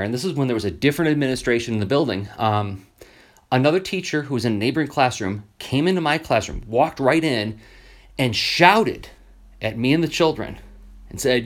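A man, a teacher hosting his own podcast, talking casually and acting out the voices of people in his stories. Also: medium pitch. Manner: animated storyteller, acts out quoted voices. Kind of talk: casual solo podcast monologue.

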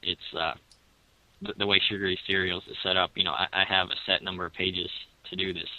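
Guy in his thirties being interviewed, low bright voice, stammers and says you know a lot. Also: flat delivery, fairly quick, no echo, highs cut off. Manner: hesitant, stammers and repeats words, many fillers. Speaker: guest comic creator. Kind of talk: casual interview chat.

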